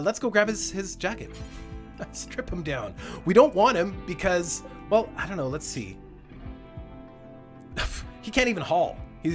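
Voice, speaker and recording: A young man streams his gameplay live, talking in an animated, lively way with a slightly high voice. He jokes darkly and laughs often as he plays. Faint game music sits underneath. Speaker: gaming livestreamer.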